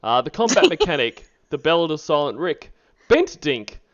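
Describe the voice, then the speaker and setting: Laughing streamer with a lively voice. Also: male voice, a little high, moderate pace, dull audio, a little hiss or hum. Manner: laughs often, rambling shout-outs. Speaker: streamer host. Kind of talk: casual stream chat.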